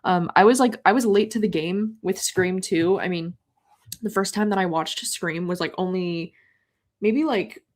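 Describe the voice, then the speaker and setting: A young woman hosting a live readathon stream, reading chat messages aloud and chatting casually and excitably, with many filler words. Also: fairly low pitch, measured pace.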